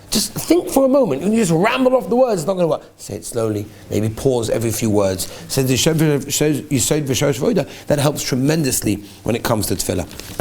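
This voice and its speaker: A man, a rabbi, teaching a class on prayer, animated and acting out little scenes, often repeating a word as he restarts. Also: mid-range voice. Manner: animated, acts out little scenes, repeats words when starting over.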